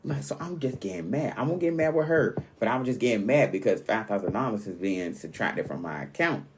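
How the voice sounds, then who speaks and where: A man hosting his own podcast, telling stories in a rambling, animated, casual way with sudden jumps in pitch. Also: a little fast, background noise. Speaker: podcast host. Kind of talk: casual solo podcast monologue.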